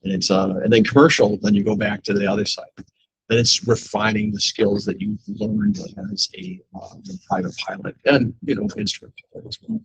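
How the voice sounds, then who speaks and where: Gravelly man teaching a flight class. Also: lowish voice, expressive, background noise. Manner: halting, lots of fillers. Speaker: class instructor. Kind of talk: casual classroom talk.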